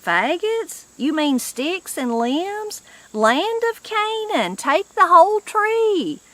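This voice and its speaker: A woman's voice: fairly high pitch, big pitch swings, slow, fairly bright tone, no echo, heavily acted. A woman reading aloud and voicing a blunt, spirited old mountain granny who exclaims folksy oaths. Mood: astonished.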